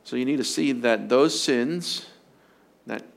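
A man's voice: mid-range voice, slow pace, creaky. A man preaching as a pastor, earnest and emphatic, often repeating his phrases for stress. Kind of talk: sermon on marriage.

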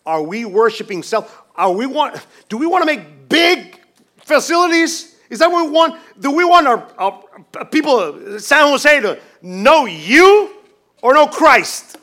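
A man preaching a sermon as pastor, swinging from hushed, quiet lines to loud, emphatic ones, with many restarts. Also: very high-pitched, big pitch swings, unhurried.

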